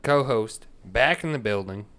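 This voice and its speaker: A man's voice: fairly low pitch, expressive, measured pace. A man hosting a podcast in casual, crude, joking banter, recorded in one big echoey room. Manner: crude joking, bursts into loud laughter. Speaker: podcast host.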